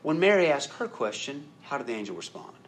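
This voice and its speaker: A man preaching a sermon in an animated way, acting out quoted voices and rising to loud emphatic peaks. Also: medium pitch, quick pace, a little hiss or hum. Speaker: pastor.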